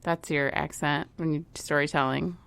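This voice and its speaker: A woman with a low, creaky voice trades dry, teasing banter in casual chat. Her voice is recorded close and dry, with no room sound. She has the easy manner of a podcast co-host. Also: steady tone, normal speed, a bit bright, no echo.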